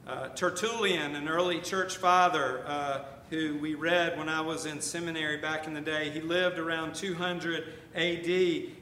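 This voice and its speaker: Bright-voiced older man preaching a sermon. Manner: conversational preaching with asides and emphatic repetition. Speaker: pastor. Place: church sanctuary. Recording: echoey church room with faint rumble.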